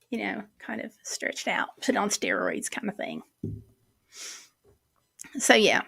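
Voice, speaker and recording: A woman's voice: medium pitch, slow pace, vocal fry, long pauses, a bit bright. A woman hosting a casual livestream from her home office, chatting in a rambling, easily sidetracked way. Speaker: livestream host.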